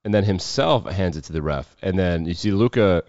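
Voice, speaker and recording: A man's voice: low voice, expressive, normal speed, darkish tone, dry recording, lo-fi sound. A man hosting a sports show, riffing off the cuff on games and clips with a wry, sardonic edge. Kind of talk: casual sports commentary.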